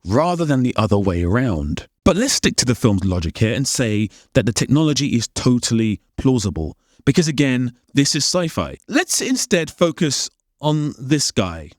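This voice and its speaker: A man's voice: mid-range voice, very animated, moderate pace, no echo, clean studio sound. A man narrating a comedic film critique, firing off exasperated, incredulous questions. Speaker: film commentator.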